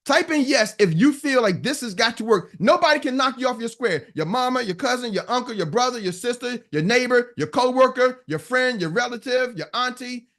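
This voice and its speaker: A man's voice: very high voice, expressive, brisk, hardly any pauses, fairly bright tone. A man giving a business coach's motivational talk to a live online audience, emphatic and preachy, hammering his points home through repetition. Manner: emphatic, preachy, repeats punchlines.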